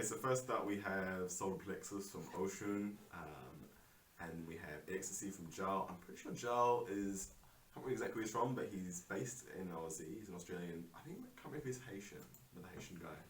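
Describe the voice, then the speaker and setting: A man's voice: deep voice, animated, fairly quick, fairly bright tone. A man hosting a radio talk show, rambling with many fillers in a casual chat. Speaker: radio host. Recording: roomy, distant mic, faint hiss.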